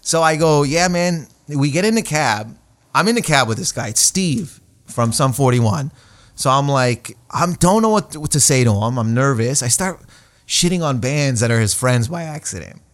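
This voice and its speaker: A man's voice: mid-range voice, normal speed. Man telling a rambling comic story. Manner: rambling, animated, acts out quoted voices. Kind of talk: casual storytelling chat.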